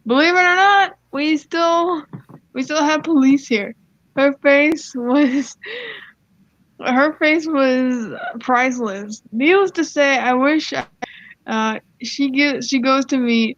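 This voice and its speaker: A woman's voice: high voice, slow pace, a bit bright, no echo. A woman casually reading a Reddit story aloud, stumbling over words and giggling as she goes. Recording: slightly muffled, dry sound.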